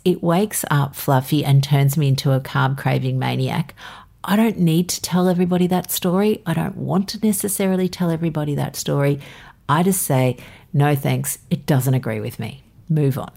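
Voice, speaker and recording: A woman's voice: low-pitched, lively intonation, normal speed, creaky, a little mellow. A middle-aged woman co-hosting a casual advice podcast, practical and assertive with playful asides. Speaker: podcast co-host.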